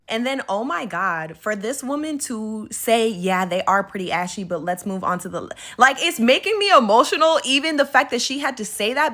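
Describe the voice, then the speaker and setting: A woman's voice: on the high side, fairly bright tone. A woman in casual reaction commentary, indignant throughout. She swears freely and piles up one rhetorical question after another.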